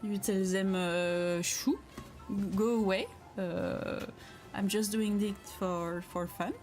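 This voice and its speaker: A chatty, giggly woman hosts a casual livestream, reading viewer comments aloud and encouraging them. Her voice sits at a medium pitch, and faint music plays behind her. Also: fairly even intonation, slow, a little mellow. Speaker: craft livestream host. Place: home craft space.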